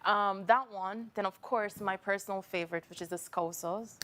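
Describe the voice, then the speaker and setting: A woman's voice: medium pitch, fairly even intonation, moderate pace, fairly bright tone. A woman co-hosting a football show, chatting casually in a playful, teasing way. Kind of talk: casual chat.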